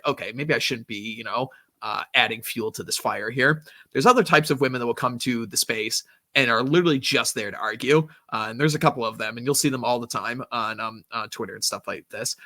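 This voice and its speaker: A man's voice: medium pitch, pushed and bright, no echo, studio quality. A man hosting a podcast in casual chat, rambling with lots of fillers and frequent laughs. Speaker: podcast host.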